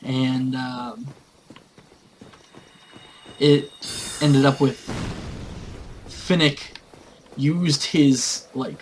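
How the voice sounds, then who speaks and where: A man casually retelling a tabletop game session. He rambles, with lots of fillers, at a middling pitch. Faint background noise sits behind his voice. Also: rough recording. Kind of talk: casual storytelling.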